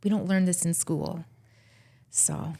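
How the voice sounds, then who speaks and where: A woman therapist speaking as a podcast guest, talking in a casual, animated and heartfelt way about her work. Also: on the low side, slow pace. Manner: animated, acts out quotes from clients and herself.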